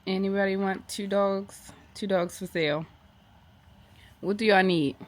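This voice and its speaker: A woman's voice: mid-range voice, fairly even intonation, unhurried, dry recording. A woman vlogger and mother in casual chat, blunt and teasing, laughing often.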